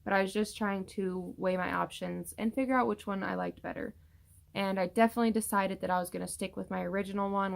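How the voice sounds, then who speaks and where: Tired, rambling young woman with heavy vocal fry. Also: mid-range voice. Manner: chatty and rambling, many fillers. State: tired, yawning often. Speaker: vlogger. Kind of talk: casual pregnancy update vlog.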